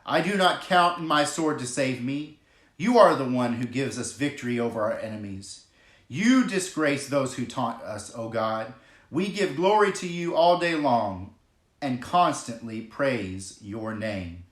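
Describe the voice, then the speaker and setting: A man's voice: medium pitch, expressive, a little slow, a bit bright. A man preaching a sermon as pastor, earnest and emphatic, stretching out key phrases and reading scripture aloud. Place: church hall. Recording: echoey room.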